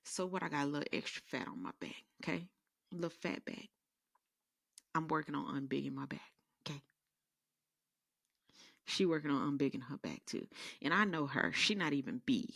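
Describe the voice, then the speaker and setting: A woman podcast host with a low, creaky voice tells sassy, rambling comedic stories in a casual monologue. She's animated and takes a moderate pace with long pauses, and the studio sound is clean with no room noise.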